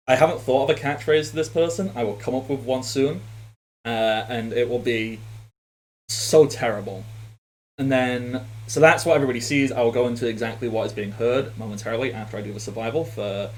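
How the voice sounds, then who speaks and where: A man narrating a tabletop game as game master, in a casual, rambling way with frequent fillers. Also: mid-range voice.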